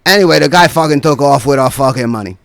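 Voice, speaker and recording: A man's voice: mid-range voice, fast talker, vocal fry, no echo. A man performing a stand-up routine as a guest comedian, rambling through a profane story and tossing in constant "right?" asides.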